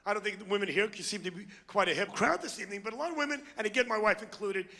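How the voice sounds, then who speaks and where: Fast, gravelly, brash comedian man. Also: sits high, animated, sharp tone. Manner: brash, crude, crowd work. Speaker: stand-up comedian. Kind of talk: stand-up comedy routine. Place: comedy club stage. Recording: long hall reverb.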